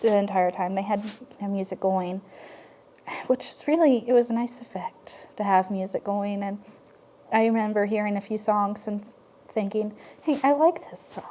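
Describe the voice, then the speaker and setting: A woman telling her personal story in a reflective, halting way, with frequent pauses and fillers. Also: medium pitch, fairly even intonation, warm tone, a little hiss or hum. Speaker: interviewee sharing personal story. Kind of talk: personal testimony.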